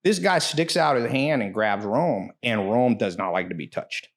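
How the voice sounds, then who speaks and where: A man's voice: mid-range voice, animated, moderate pace. A man in casual podcast talk, telling brash, profane stories with sudden bursts of emphasis.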